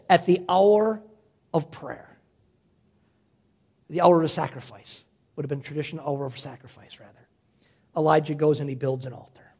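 A man preaching, dramatically retelling a Bible story, swinging from loud to hushed. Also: a little high, breathy edge. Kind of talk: animated Bible storytelling sermon.

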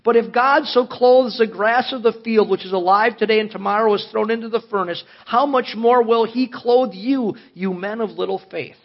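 A man's voice: high voice, normal speed, hardly any pauses. A male pastor giving a sermon. He reads long scripture passages and asks the congregation earnest questions, with emphatic rises in his voice. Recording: dull lo-fi audio.

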